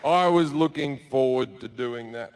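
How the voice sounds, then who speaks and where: A man telling a crude story as a stand-up comedian on a theatre stage, with deadpan asides and shouted put-on voices. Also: mid-range voice, a little slow, a little hiss or hum. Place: theatre stage before a laughing audience.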